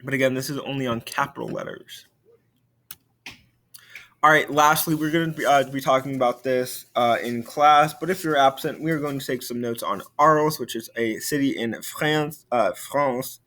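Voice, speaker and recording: A young adult man who teaches French records a video lesson in a relaxed manner, full of fillers and restarts. His voice is mid-range and his speed normal.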